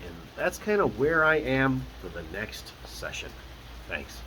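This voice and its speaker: A man, a dungeon master, chatting casually as he recaps his tabletop campaign, talking in an animated way full of asides. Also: medium pitch, a little slow, slight background noise, rough recording.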